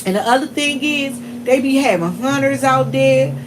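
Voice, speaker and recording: A woman with a Southern US accent, chatting to her viewers in an animated, storytelling way and laughing often. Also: sits high, normal speed, background noise. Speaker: vlogger.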